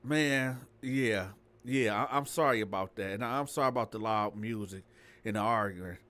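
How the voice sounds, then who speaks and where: A man's voice: very high voice, sing-song, unhurried, voice pushed up, heavily acted. A man voicing a shaken young woman tenant who stammers and holds back. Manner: hesitant, stammering.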